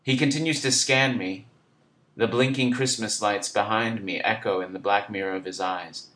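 Male narrator, somewhat low voice, measured introspective literary reading. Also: bright, forceful tone. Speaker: storyteller. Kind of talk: literary first-person narration.

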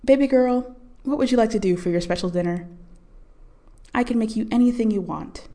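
Woman doing a tired loving mom, coaxing her kid, voice pitched up a bit. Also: a little fast, lightly acted. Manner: coaxing, warm-hearted urging. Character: frazzled loving single mother.

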